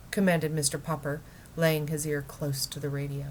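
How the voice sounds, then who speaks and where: Woman, calm measured storybook narration, read-aloud style. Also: low voice, a little hiss or hum. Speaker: storybook reader. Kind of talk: reading a children's book aloud.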